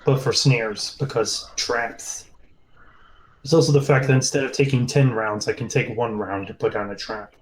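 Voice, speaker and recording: A man with a middle-pitched voice plays in a tabletop game. He explains rules and his plans, stopping and restarting his sentences as he goes. A faint background hum sits under him. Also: steady tone, moderate pace, rough recording. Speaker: player.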